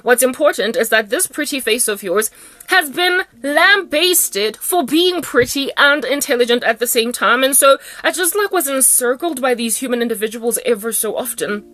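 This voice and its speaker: A woman with a South African accent delivering an emphatic, sarcastic ranting monologue as a ministry vlogger, swinging between loud bursts and low asides. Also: animated, moderate pace, no room sound.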